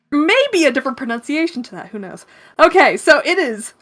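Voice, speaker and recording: A woman's voice: high-pitched, very animated, moderate pace, fairly bright tone. A woman co-hosting a casual gaming podcast, giggling often as she explains things. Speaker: podcast co-host. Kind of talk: casual chat.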